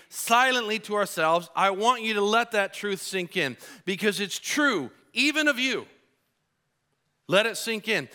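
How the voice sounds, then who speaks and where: Bright-voiced earnest male pastor preaching. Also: high-pitched. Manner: earnest and animated, acting out his own frustrated shouting in stories. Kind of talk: sermon.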